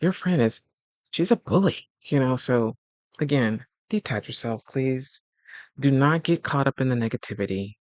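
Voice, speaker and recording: This host of a laid-back relationship-advice talk is a man who chats loosely and colloquially, playing out small scenes in quoted voices. His voice is medium in pitch with lively intonation, a moderate pace and a darkish tone, recorded dry.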